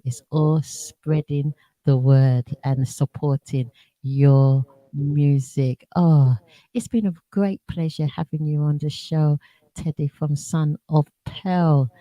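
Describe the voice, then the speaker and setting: A woman from London with a London accent, hosting a radio show in an enthusiastic, lively way. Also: low voice, dry recording. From England. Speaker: radio host. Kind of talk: casual radio interview.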